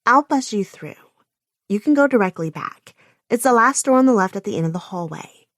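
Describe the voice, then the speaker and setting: A woman's voice: a little high, animated, brisk, a bit bright, no echo, clean studio sound. A woman voicing a bored, officious female receptionist in an audiobook, curt and clipped. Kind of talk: audiobook character voice.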